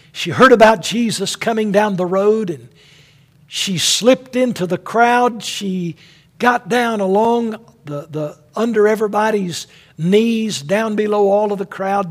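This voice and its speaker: Husky high-voiced male preacher, slow. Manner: dramatic, emphatic, addressing listeners as friend. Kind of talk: sermon.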